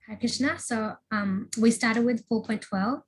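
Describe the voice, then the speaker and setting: A woman's voice: a little high, measured pace, a little hiss or hum, low-quality recording. A female student summarizing lessons in a class discussion, casual and tentative with many fillers.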